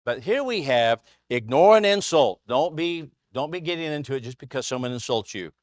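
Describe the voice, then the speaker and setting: A man's voice: medium pitch, lively intonation, fairly quick, no echo. Chatty man teaching a Bible class. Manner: chatty and anecdotal, chuckles often. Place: church classroom with a small group.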